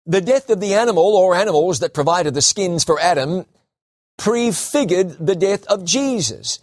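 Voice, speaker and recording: A man preaching with an emphatic delivery and a fairly high voice. He slows down and repeats key phrases to drive them home. The sound is dry and close. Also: lively intonation, dry recording. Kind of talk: sermon.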